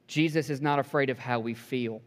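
A man preaching a sermon to a congregation, building to emphatic peaks and dropping to soft, hushed lines, with joking asides. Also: medium pitch, fairly even intonation, brisk. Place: church sanctuary. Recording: long hall reverb.

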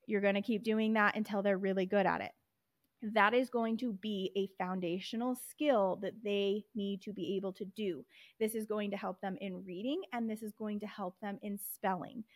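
A woman's voice: mid-range voice, fairly even intonation, normal speed, no room sound. A woman hosting a podcast and teaching reading, explaining step by step and modelling letter sounds. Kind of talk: instructional explanation.

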